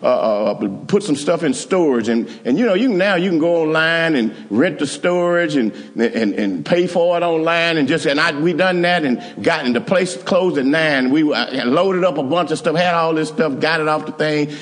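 A middle-aged male pastor telling a story in a sermon, swinging from loud exclamations to hushed asides and repeating himself as he goes. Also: a little high, normal speed.

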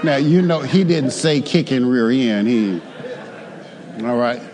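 A man's voice: mid-range voice, animated, takes it slowly, in a large hall, crowd noise, noisy background. A man preaching a sermon in a church, calling on the congregation to answer him and building to emphatic exhortations. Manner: call-and-response with the congregation, rising to emphatic exhortation. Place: church sanctuary.

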